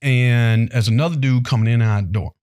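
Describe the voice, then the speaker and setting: Co-hosting a casual podcast, a North Carolina man tells stories with animation, voicing the people in them and acting out their quotes. He speaks a little fast in a mid-range voice, captured in a dry, studio-quality recording.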